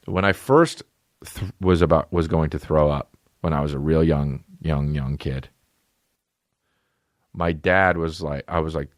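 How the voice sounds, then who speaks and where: A man hosting a podcast, telling a funny family story and acting out a scared child in a high voice. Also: moderate pace, no room sound, studio quality. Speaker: podcast host. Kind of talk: solo comedic storytelling.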